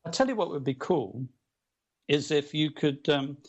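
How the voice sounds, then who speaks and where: Pitched a little high and moving at a moderate pace, this middle-aged guest author's voice comes through on dull audio. He rambles animatedly through a story in casual conversation, restarting often and using many fillers.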